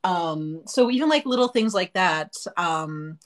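A woman's voice: lowish voice, lively intonation, unhurried. A woman co-hosting a casual podcast chat, speaking candidly and bluntly, with many fillers and restarts. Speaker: podcast co-host.

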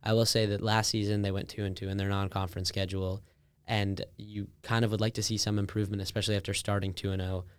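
Young guy cohost, lowish smooth voice, confident takes, dry sound. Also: level tone, fast talker, no echo. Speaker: co-host. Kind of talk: casual sports talk.

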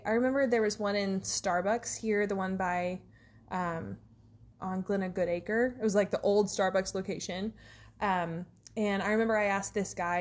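Woman podcast co-host, rambling storyteller, easygoing chat, mid-range pitch. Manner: rambling storyteller, many fillers. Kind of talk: casual chat.

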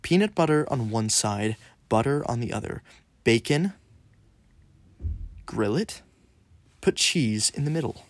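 A man's voice: mid-range voice, expressive, unhurried, long pauses. A man co-hosting a casual chat, rambling and playful, filling his talk with "like". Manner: rambling, many "like" fillers, playful. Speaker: co-host.

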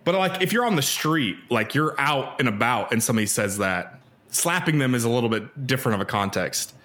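A man hosting a casual podcast discussion, talking in an animated, opinionated way. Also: medium pitch, a little fast. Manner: animated, opinionated, many "like" fillers.

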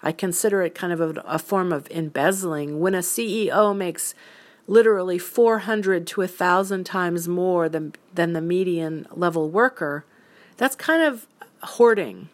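An earnest woman talks through her views in a relaxed solo monologue, leaning on plain examples to make her case. Her voice sits a little low and stays unhurried, with a firm, opinionated edge. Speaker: solo commentator.

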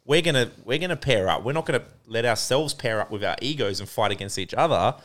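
A man's voice: medium pitch, animated, quick pace, a bit bright. A young man co-hosting a podcast, explaining his ideas earnestly and enthusiastically in casual conversation. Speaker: podcast co-host. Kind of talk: casual chat.

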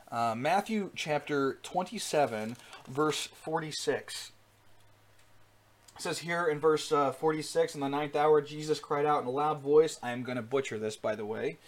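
A man's voice: a little high, moderate pace, slight background noise. A man preaching an earnest sermon with rising emphasis, frequent fillers and restarts. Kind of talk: sermon teaching.

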